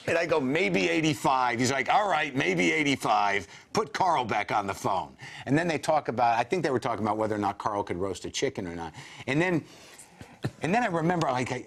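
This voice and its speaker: A man in his forties, a comedian guest on a talk show, telling animated anecdotes full of quoted voices. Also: medium pitch. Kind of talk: storytelling in a talk show interview.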